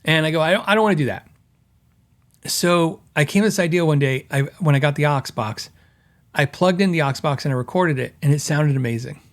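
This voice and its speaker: A man's voice: a little high, brisk. A middle-aged man hosting a podcast, telling stories in a casual way and mimicking critics with a raised voice. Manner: animated storytelling, mocking quoted critics in a raised voice. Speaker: host.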